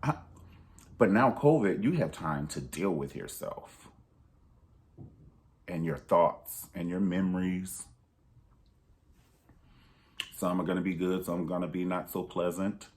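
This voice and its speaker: A man with a deep, low-pitched voice talks candidly to his viewers. He speaks in an emphatic, preachy way, and his pitch leaps upward whenever he drives a point home. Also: unhurried. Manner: pitch jumps high for emphasis. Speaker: vlogger. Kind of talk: candid personal vlog monologue.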